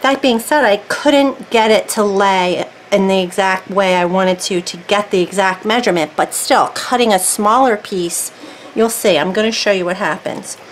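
In a low-quality recording with faint background noise, a woman rambles to herself through a casual craft tutorial. She speaks at a moderate pace in a mid-range voice, chatty and thinking aloud like the craft video creator she is.

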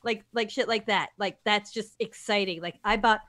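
A woman's voice: mid-range voice, fairly even intonation, moderate pace, a bit bright, a little hiss or hum. Playful joking woman host. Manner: playful, joking, laughs at herself. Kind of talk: casual chat.

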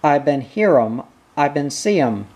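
A reader doing a panicked young accused man on a plane, begging in broken phrases. The voice is husky and unhurried, with a frightened urgency in the pleading. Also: medium pitch, very animated, darkish tone. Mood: frantic.

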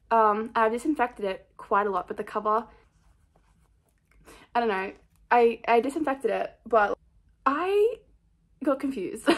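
A young woman chatting casually about her book picks in a rambling, scattered, self-mocking way, full of fillers. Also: on the high side. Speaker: book vlogger. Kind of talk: casual chat.

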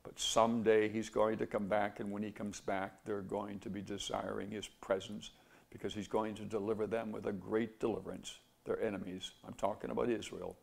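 Gravelly male Bible teacher, earnest preacher, fond of rhetorical questions. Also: fairly low pitch, level tone, moderate pace.

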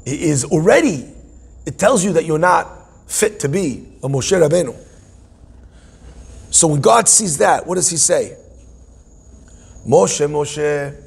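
A man's voice: on the high side, gravelly, husky. A man teaching a humorous Torah class in a playful, musing way, full of self-deprecating asides.

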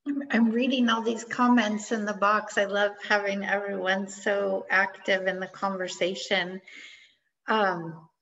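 A woman's voice: medium pitch, flat delivery, measured pace, fairly bright tone. A woman relationship coach leading an online class, responding to comments from the group. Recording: dull lo-fi audio.

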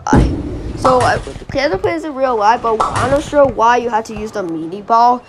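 A gaming host narrates a mobile game in a rambling, excitable way, restarting sentences and yelping at every miss. The voice sits fairly high, and its pitch jumps around a lot. Clear background noise and clicks sit under the recording. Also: female voice, moderate pace. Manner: excitable, yelps and groans at misses.

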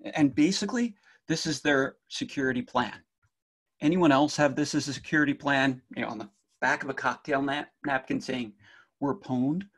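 A man's voice: mid-range voice, moderate pace, fairly bright tone. A middle-aged man from New Jersey with a faint Jersey accent, giving a jokey conference talk on cybersecurity and speaking straight to the audience.

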